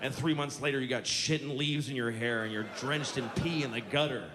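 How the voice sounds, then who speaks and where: A man's voice: medium pitch, fairly even intonation, brisk, noisy background. A male stand-up comedian delivering a profane, sarcastic rant that builds into mock outrage, recorded live at a show. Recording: live club with audience laughter. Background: audience laughing.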